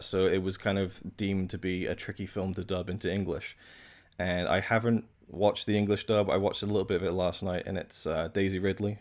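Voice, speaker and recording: A man hosting a casual film discussion, inquisitive and posing questions to his guest. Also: deep voice. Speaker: host.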